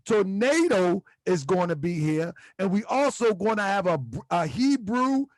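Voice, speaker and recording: A middle-aged man hosting an online talk show in a relaxed, rambling way, pausing often with "um" and "uh". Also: sits high, dry recording. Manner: relaxed and rambling, many "um" and "uh" pauses, laughs easily. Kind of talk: casual livestream chat.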